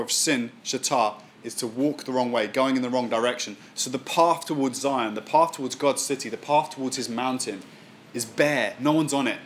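Man preaching an animated sermon. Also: medium pitch, a little hiss or hum. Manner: animated preaching, acts out voices and quotes. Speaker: pastor. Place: church.

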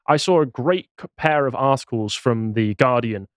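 A man's voice: medium pitch, normal speed, no room sound. A man co-hosting a podcast, explaining political points in casual conversation. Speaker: podcast co-host.

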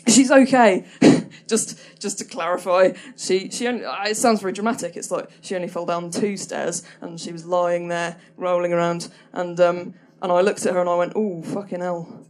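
A woman's voice: fairly low pitch, darkish tone. A woman telling a stand-up story in a hesitant, self-deprecating way, full of ums and restarts. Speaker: comedian.

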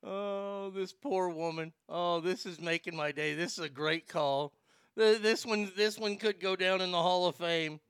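A man's voice: sits high, a little slow, fairly bright tone, smooth, dry recording, studio quality. A man hosting a talk show, pranking a call center and joking about it afterward with stammering restarts. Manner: jokey, giggly, stammering restarts. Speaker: show host making prank calls.

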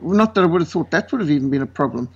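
A man from South Africa with a South African accent, a guest speaker telling lively stories and acting out the voices of the people in them. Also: fairly high pitch, rapid-fire, slightly rough. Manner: lively, acts out quoted voices. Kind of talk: animated storytelling. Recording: dull lo-fi sound.

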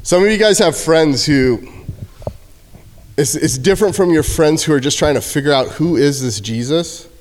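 A man giving a casual youth sermon in a church, joking and acting out shouted quotes. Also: a little high, normal speed. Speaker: youth speaker. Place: church sanctuary. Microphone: handheld microphone. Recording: hall reverb.

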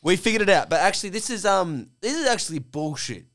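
A young Australian man cohosting a podcast, riffing in crude, mocking banter and swearing every few words. His voice sits high and swings wildly up and down, and the tone stays smooth and clean throughout. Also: animated, quick pace, fairly bright tone. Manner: swears constantly, mocking, sarcastic. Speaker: podcast co-host.

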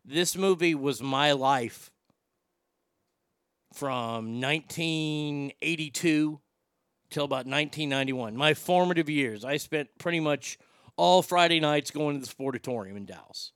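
A man's voice: on the high side, a little slow, a bit bright, clear, resonant tone, no echo, clean studio sound. A man hosting a podcast in a casual, rambling style, emotional and swearing freely. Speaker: podcast host. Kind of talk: casual chat.

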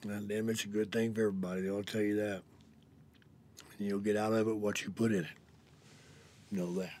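Husky, profane man telling his story. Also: on the low side, flat delivery, brisk. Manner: profane and blunt, often dropping to a hushed near-whisper. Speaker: host. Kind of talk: candid personal storytelling.

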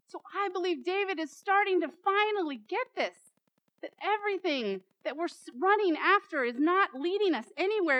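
A woman's voice: very high voice, expressive, moderate pace, a bit bright, dry recording, lo-fi sound. A woman preacher giving a dramatic sermon, repeating phrases and building to emphatic peaks.

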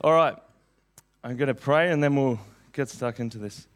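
A man with a frog in his throat, speaking into a mic in church, moving from a casual chatty opening to slow, earnest prayer and preaching. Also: mid-range voice. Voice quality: slightly husky. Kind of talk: sermon and prayer. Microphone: handheld mic.

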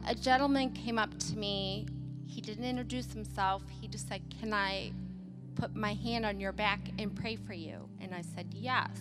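A woman giving a personal testimony at a church service, telling her story lively and acting out what people said. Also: mid-range voice. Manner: lively storyteller who acts out quoted dialogue.

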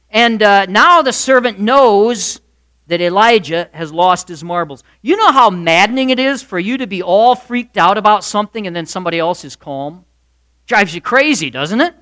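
A man preaching a sermon, retelling a Bible story in an animated way and acting out the voices of its figures. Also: sits high. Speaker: pastor.

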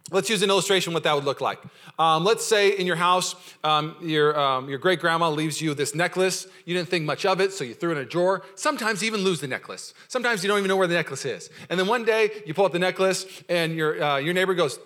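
Bright-voiced, lively male pastor preaching. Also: a little high, fast. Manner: energetic, playful preaching with audience call-outs; acts out quoted voices in storytelling. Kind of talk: sermon.

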